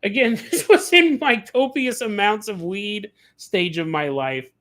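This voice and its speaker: A man hosting a casual livestream, telling animated stories, acting out the people he quotes and laughing often. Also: high-pitched, a little slow. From California. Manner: laughs often mid-sentence. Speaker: podcast host.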